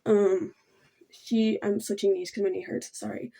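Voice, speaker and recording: A young woman chats through a personal story as she does her makeup, halting and rambling with constant fillers. Her voice stays mellow and low in tone, with little rise and fall. She sounds soft and keeps apologizing. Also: flat delivery, creaky. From Thailand. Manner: halting and rambling, full of ums and likes. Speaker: vlogger. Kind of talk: casual storytime while doing makeup.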